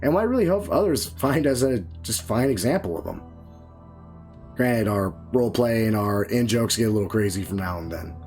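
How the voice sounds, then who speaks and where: A man's voice: medium pitch, expressive, a little fast, a little mellow, soft background music. Rambling male game master, worn throat. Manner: loose, rambling, swears casually. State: tired, strained throat. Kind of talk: casual stream sign-off.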